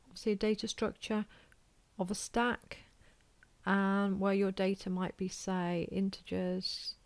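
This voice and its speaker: A British college lecturer with a mid-range voice gives a recorded lecture, sketching on a board while thinking out loud in an informal, self-deprecating way. There's no echo on the recording.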